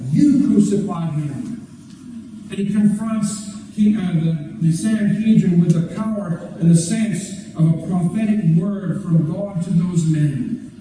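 A man preaches an earnest, expository sermon in a high, mellow voice. The sound comes from a distance in a large church hall with a long, echoing reverb, and faint room noise underneath. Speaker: pastor. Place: church sanctuary.

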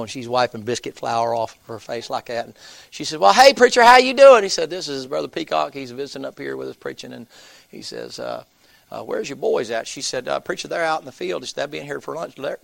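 A man's voice: mid-range voice, quick pace, vocal fry, no echo. A man, preaching by telling a folksy story and acting out the people's voices. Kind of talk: sermon storytelling.

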